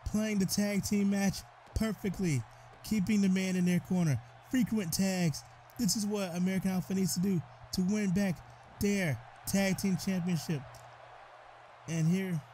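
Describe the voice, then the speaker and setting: A man doing excitable play-by-play commentary over a wrestling video game, often breaking into exclamations. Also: high-pitched, slight background noise. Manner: excitable, frequent "oh goodness" exclamations. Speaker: gaming commentator.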